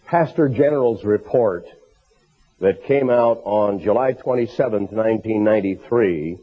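Raspy hoarse guy preaching a taped sermon, husky voice, tinny phone-like sound. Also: lowish voice. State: hoarse from a bronchial illness. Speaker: minister. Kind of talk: recorded sermon for a tape program. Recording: tinny phone-like tape recording.

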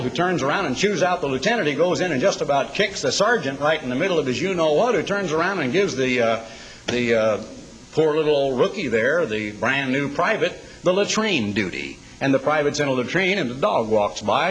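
A man preaching a sermon in a dramatic style, slowing down to recite scripture. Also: on the high side, a bit bright, rough recording.

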